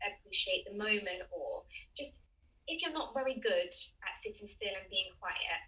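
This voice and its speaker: Woman, podcast guest, chatty, laughs a lot, bright tense tone, a bit off mic. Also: mid-range voice, lively intonation, normal speed, distant mic, poor audio. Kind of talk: casual interview chat.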